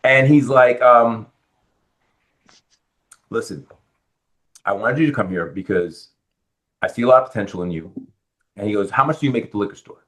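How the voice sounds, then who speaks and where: Low-voiced New man telling stories. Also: normal speed, long pauses. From Bronx, New York. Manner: animated storyteller acting out quoted dialogue. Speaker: guest, real estate lender. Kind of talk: storytelling in a podcast interview.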